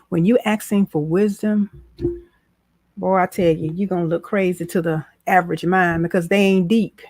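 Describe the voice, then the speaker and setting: A woman's voice: fairly low pitch, darkish tone, no room sound. A woman hosting a casual motivational livestream, talking in a preachy, folksy way and repeating lines for emphasis. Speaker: business strategist, livestream host.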